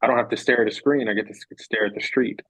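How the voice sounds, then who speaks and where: A man's voice: lowish voice, fairly even intonation, rapid-fire, a bit bright, breathy edge, no room sound, low-quality recording. A man talking as a podcast guest in a reflective, casual way, earnest and rambling, repeating phrases for emphasis.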